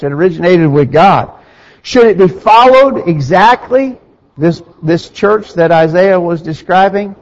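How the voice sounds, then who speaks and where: A man preaching a sermon, asking rhetorical questions and reading scripture aloud with rising emphasis. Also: high voice. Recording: dull sound with long reverb in a hall.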